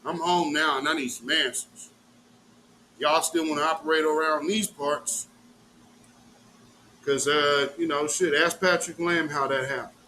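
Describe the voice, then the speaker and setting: Middle-aged male host; bright, forceful delivery, rowdy profane storyteller. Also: on the high side, measured pace, pauses often, slight background noise. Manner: animated, profane, acts out quotes. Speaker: live show host. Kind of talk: casual storytelling rant.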